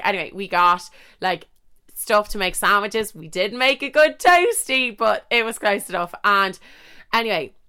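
Young woman, Irish accent, fairly low pitch, smooth voice, chatty and profane. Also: pushed and bright. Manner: chatty, swears a lot, many fillers. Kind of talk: casual storytelling.

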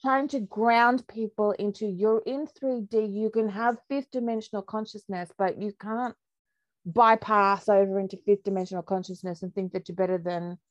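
A woman, a podcast guest, telling her story in a candid, lively way and laughing often. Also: medium pitch, normal speed, no echo, dull audio. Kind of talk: casual storytelling interview.

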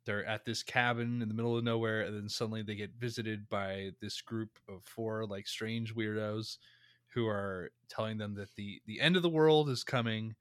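A man casually chatting on a podcast, calmly summarizing a movie's plot. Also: on the low side, clear, resonant tone, dry recording. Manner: laid-back, summarizes plots. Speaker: podcast co-host. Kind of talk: casual movie review chat.

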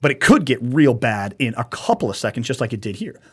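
A man's voice: mid-range voice, brisk, slightly rough. A man co-hosting a casual podcast, swearing a lot and acting out what people said as he tells a story. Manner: animated storytelling, acts out quotes, swears often. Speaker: podcast co-host. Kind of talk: casual profane podcast chat.

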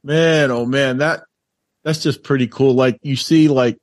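A man's voice: medium pitch, fairly even intonation, a little slow, music in the background. A male podcast co-host in casual movie chat, rambling and laughing easily.

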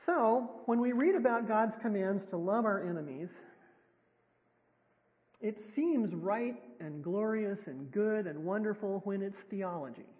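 A woman preaching a sermon in a church sanctuary, chatty and wryly self-deprecating. Her voice sits at an ordinary middle pitch. The sound is thin and phone-like, with a long reverb trailing behind her. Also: expressive, unhurried. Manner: conversational and self-deprecating, with wry humor. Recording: tinny, echoey hall sound.

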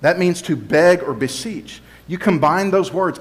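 A man's voice: high voice, a little slow. A male pastor giving a conversational, explanatory sermon and teaching from scripture, sometimes voicing the crowd and Pilate in quotes.

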